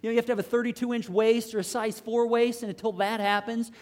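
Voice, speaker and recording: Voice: medium pitch, level tone, quick pace. Impassioned preacher in a reverberant hall. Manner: impassioned, swings between loud pleading and hushed intensity; repetitive rhetorical questions. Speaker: pastor. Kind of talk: sermon.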